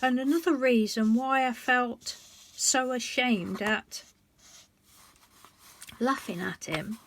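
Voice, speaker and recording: A woman's voice: a little high, takes it slowly, a little hiss or hum. A woman in her sixties, talking heartfelt and confiding in a rambling way to her vlog viewers, often breaking off and restarting her sentences. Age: 60s. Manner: rambling, self-interrupting storytelling; emotional and confiding. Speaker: colouring book vlogger. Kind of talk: heartfelt casual chat.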